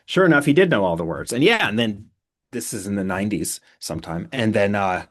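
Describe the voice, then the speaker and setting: Low-voiced man telling stories. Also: fairly quick. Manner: animated storyteller, frequent fillers and restarts. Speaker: author and podcast guest. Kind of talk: casual anecdote-telling.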